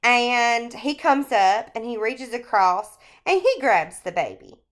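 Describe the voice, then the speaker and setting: A woman teacher records a screencast lecture about a short story, explaining it at an unhurried pace with lots of fillers. Her voice is a little high and expressive.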